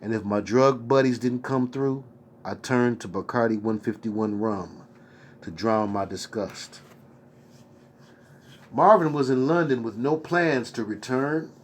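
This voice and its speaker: A man reads a memoir aloud at an even pace. His voice sits in a middle pitch. He sometimes stops to add his own slangy remarks. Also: a little slow, slight background noise. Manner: steady read-aloud voice, breaking off into excited slangy asides. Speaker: reader.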